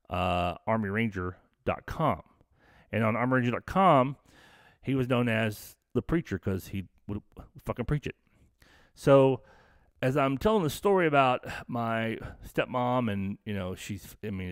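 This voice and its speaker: A man's voice: on the low side, no echo, studio quality. A middle-aged man from the Southern United States hosting a live stream, telling a long rambling story full of swearing, fillers and restarts. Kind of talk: casual storytelling.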